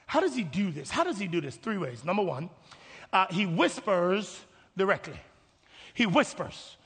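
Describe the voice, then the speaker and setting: Pastor, male, high husky voice, lively sermon delivery with hushed asides and shouted peaks, long hall reverb. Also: normal speed. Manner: animated, acts out voices, swings from hushed to shouting.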